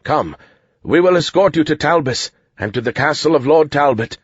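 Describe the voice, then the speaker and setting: A man's voice: on the high side, lively intonation, moderate pace, slightly rough, no echo, muffled recording, pitched above the performer's own voice. A man putting on a nervous herald soldier. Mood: formal.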